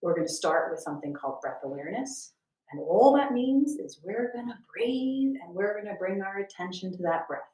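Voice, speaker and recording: A woman teaching a guided meditation from her home, speaking slowly and softly and drifting into whispers at times. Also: mid-range voice, expressive. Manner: slow, soft and soothing, drifting into whispers. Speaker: wellness instructor. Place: at home, landscaper heard outside. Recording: roomy, distant from the mic.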